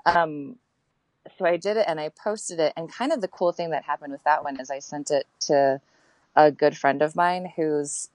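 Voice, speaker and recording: Low-voiced woman talking candidly. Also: moderate pace, a little mellow, no echo, rough recording. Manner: reflective and candid, with frequent fillers and restarts. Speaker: guest. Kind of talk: casual interview chat.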